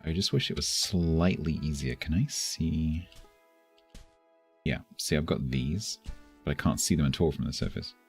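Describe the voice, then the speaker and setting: A man's voice: extremely low pitch, normal speed, husky, faint music behind. A man streaming a game live, chatting casually and chuckling as he thinks aloud. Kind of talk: casual live gameplay commentary.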